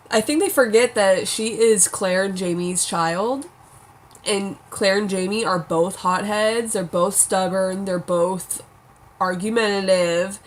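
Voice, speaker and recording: A young woman chatting casually at home, reviewing a TV episode, saying "like" a lot and swearing now and then. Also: mid-range voice. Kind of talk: casual chat.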